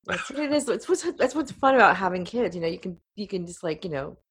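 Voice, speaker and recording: A woman's voice: fairly low pitch, animated, fast, breathy edge. A middle-aged woman, a podcast host appearing as a guest, chatting in a rambling, talkative way with frequent laughter. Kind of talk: casual interview chat.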